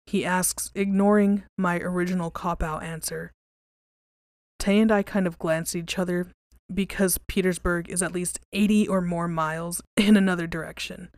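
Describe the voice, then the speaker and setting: A woman hosting a podcast, reading creepy stories aloud and then chatting casually, relaxed and conversational, with some swearing. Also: lowish voice, normal speed, dry recording, clean studio sound.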